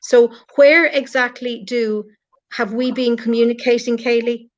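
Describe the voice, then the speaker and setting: A middle-aged Irish woman speaks in an earnest, heartfelt way, addressing her critics head-on. Her voice sits a little high. The stream audio is muffled and lo-fi. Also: fairly even intonation, a little slow. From Ireland. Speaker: guest on a live stream. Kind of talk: emotional live-stream chat.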